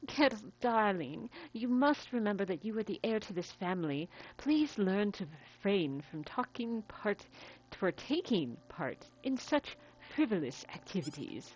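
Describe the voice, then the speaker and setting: A woman's voice: mid-range voice, big pitch swings, a little slow, a little mellow, husky, low-quality recording. A woman voicing a cold, snobbish wealthy mother with an uppity, condescending manner, over game music. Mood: haughty. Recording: game music playing behind.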